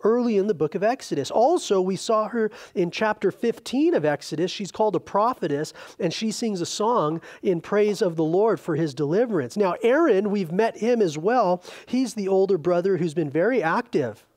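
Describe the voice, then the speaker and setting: A man preaching a sermon as a pastor, teaching through a Bible passage in a loose, conversational way with lively asides to his congregation. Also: high voice, moderate pace, hardly any pauses. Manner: chatty and informal, retelling scripture with animated asides.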